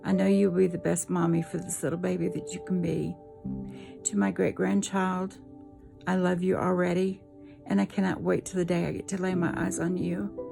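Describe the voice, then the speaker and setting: A woman's voice: lowish voice, level tone, moderate pace, creaky, warm tone, soft background music. An older woman, a great-grandmother, recording a tender video message to her granddaughter and the coming baby, trying not to cry. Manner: tender, holding back tears, prayerful.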